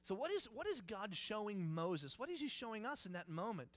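A male pastor giving a sermon in a church, telling stories in an animated, joking way. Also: high-pitched, moderate pace, few pauses. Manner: animated, jokey storytelling.

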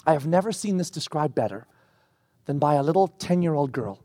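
Male preacher, high voice, dry sound; emphatic, acts out the scripture he quotes. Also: no room sound. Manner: animated and emphatic, slowing down to stress words. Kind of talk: sermon.

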